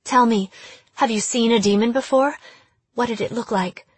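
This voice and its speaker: A woman's voice: a little high, husky, no echo, voice pushed up. A woman voicing a mocking teenage girl who acts possessed and fires sly questions. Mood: probing. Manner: taunting, sly, rapid questioning.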